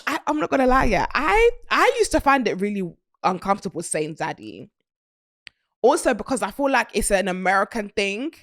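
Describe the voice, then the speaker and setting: A British woman hosting a casual chat, her voice swinging lively up and down as she giggles through her stories. The sound is close and dry, with no room around it. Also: mid-range voice, normal speed, no room sound. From Britain. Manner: giggly, animated, bursts of laughter. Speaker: podcast host.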